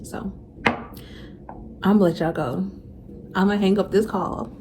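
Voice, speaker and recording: A woman's voice: mid-range voice, steady tone, measured pace, noisy background. Earnest young woman vlogging about faith. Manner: earnest, repeats phrases for emphasis, talks directly to viewers; emotional when speaking of faith. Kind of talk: casual heartfelt vlog talk.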